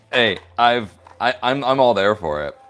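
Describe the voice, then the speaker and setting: In his workshop, a man streams his leather crafting and chats casually as he goes. His voice sits at a medium pitch with a slightly bright quality, and he giggles and rambles playfully through the work.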